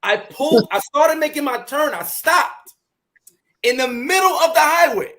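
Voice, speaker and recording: A man hosting a casual talk show, telling a personal story in an animated way, repeating words and acting out his own shouting. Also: very high-pitched, measured pace, rough recording. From New York. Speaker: podcast host.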